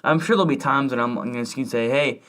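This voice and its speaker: A man's voice: medium pitch, fast talker, fairly bright tone. A young man co-hosting a podcast in a laid-back, joking way. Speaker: podcast co-host. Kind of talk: casual chat.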